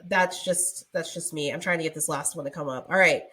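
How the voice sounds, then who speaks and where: A woman's voice: deep voice, brisk, pushed and bright. A young woman co-hosting a podcast, chatting casually and rambling with many fillers. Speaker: podcast co-host. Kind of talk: casual chat.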